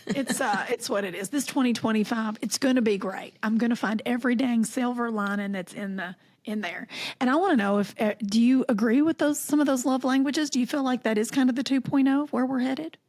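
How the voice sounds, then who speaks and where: Southern woman, husky, a bit high, folksy storyteller for a casual podcast. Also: a little fast. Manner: animated storyteller, folksy, uses y'all. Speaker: podcast co-host. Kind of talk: casual chat.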